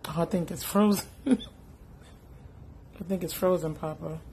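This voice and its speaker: A mother gently asking her child what's wrong in a casual home prank video. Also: fairly low pitch, unhurried, slight background noise. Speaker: parent.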